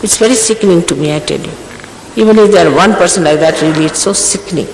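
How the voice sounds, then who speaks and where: A woman's voice: fairly low pitch, quick pace, darkish tone, slight background noise. An older woman, a spiritual teacher, giving an emphatic, scolding talk to her followers, full of rhetorical questions. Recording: echoey hall, archival recording.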